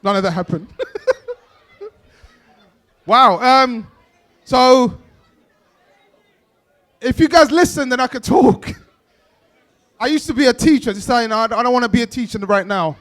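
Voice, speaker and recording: A man's voice: very high voice, slow pace, long pauses, a bit bright, some chatter behind. A young man doing stand-up at an awards event, playfully teasing the kids in the audience in street slang. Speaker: stand-up comedian.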